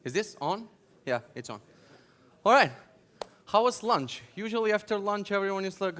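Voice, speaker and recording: Guy from macedonia ranting and joking at a tech conference, a bit higher voice. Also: expressive, moderate pace, fairly bright tone. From North Macedonia. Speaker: conference speaker. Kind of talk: conference talk. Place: conference hall.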